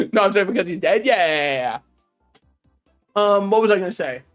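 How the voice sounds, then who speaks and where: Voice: mid-range voice, normal speed, soft background music. Joking, cussing game streamer. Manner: joking, animated, swears freely; talks to chat and game characters. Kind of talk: casual gaming stream commentary.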